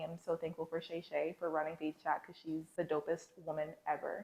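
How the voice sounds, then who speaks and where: A woman with a somewhat low voice shares a confessional faith story, talking to her viewers in a casual, slangy way. The sound is roomy, with a clear echo around her. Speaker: lifestyle vlogger. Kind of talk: candid faith storytelling to camera.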